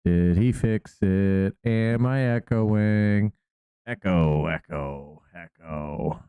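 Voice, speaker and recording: A man's voice: fairly low pitch, drawn-out words, clean tone, narrow, tinny audio. A man co-hosting a podcast, talking in a rambling, playful way with frequent restarts. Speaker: podcast co-host. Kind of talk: casual podcast chat.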